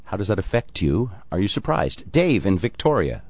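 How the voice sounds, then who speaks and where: A man's voice: on the low side, big pitch swings, moderate pace, no room sound, dull audio. A man hosting a talk radio show, taking calls and cracking jokes. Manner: wisecracking, teasing.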